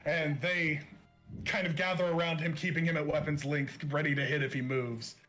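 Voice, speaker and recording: A man's voice: fairly high pitch, flat delivery, normal speed, bright, forceful tone, soft background music. A man narrating a tabletop game as game master, casual and chatty.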